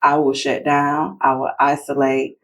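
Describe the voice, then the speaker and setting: A woman's voice: low voice, little pitch movement, measured pace, low-quality recording. A woman guest in a casual interview, talking reflectively about parenting and retelling conversations with her daughters. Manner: reflective, acts out family dialogue.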